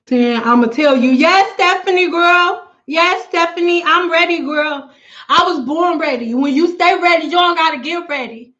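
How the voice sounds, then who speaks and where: A woman's voice: high voice, normal speed, fairly bright tone, lo-fi sound. A woman hair stylist chatting casually on a live stream with viewers, talking in a blunt, frank and slangy way. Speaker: natural hair stylist and consultant.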